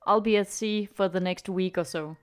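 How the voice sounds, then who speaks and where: A woman's voice: mid-range voice, fairly even intonation, normal speed, smooth, soft background music, pitched below the performer's own voice, close to an everyday voice. A woman reading the lines of a troubled man sailor who answers in a dry, evasive way. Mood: curt. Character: troubled middle-aged man sailor, curt.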